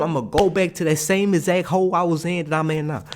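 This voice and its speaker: A young man casually telling a story in an animated, slangy way, often checking in with his listeners. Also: on the high side, quick pace, hardly any pauses. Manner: animated, slangy, keeps asking "you hear me?". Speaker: streamer.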